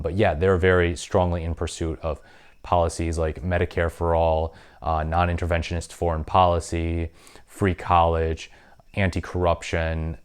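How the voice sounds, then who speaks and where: A man's voice: low voice, clear, resonant tone. A man hosting a political commentary vlog, talking in an opinionated, conversational way with frequent ums. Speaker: political commentary channel host.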